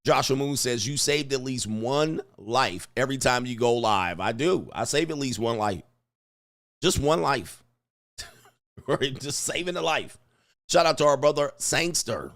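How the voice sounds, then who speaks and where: A man's voice: mid-range voice, measured pace. A middle-aged man hosting a casual livestream, telling a story with slang and laughter and reading viewer comments aloud. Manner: animated, laughing, slangy, reads chat aloud. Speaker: livestream host.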